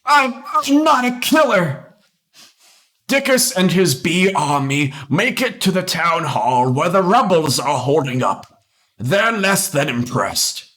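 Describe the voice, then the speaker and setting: A young man reading an AI-written story aloud, amused and animated. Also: fairly high pitch, unhurried. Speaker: reader.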